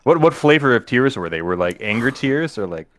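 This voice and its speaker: A man's voice: medium pitch, sing-song, brisk. A man in casual podcast banter, jokey and blunt, swearing casually.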